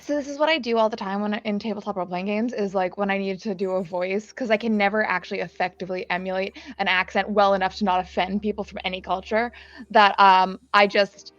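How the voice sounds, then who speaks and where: A woman player at a tabletop game, joking in a playful, deadpan way with rambling restarts. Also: mid-range voice, quick pace, lo-fi sound. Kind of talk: casual chat at a tabletop game.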